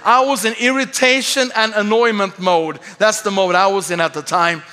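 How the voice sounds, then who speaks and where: Swedish man preaching, high bright voice, animated storytelling, reverberant church hall. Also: moderate pace. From Sweden. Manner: animated, self-mocking humor, acts out voices. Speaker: pastor. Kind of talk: storytelling sermon.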